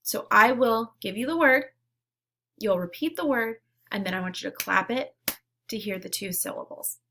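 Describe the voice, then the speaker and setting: A woman teaching a phonics lesson to young children, giving slow, clearly spoken word prompts and pausing for them to repeat. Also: medium pitch, bright, forceful tone, a little hiss or hum. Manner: encouraging.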